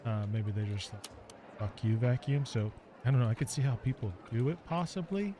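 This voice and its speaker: A man's voice: medium pitch, very animated, fairly quick, noisy background. A man co-hosting a podcast in casual chat, hedging and thinking aloud with many restarts. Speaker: podcast co-host.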